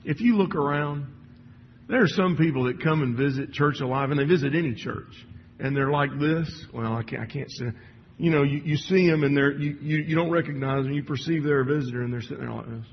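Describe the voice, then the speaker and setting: A man delivers a sermon in a church hall, speaking in a loose, conversational way with frequent restarts and fillers. His voice sits at an ordinary pitch for a man. The sound is muffled, with a long hall echo and a faint hiss. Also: a little fast. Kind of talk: sermon with read passages.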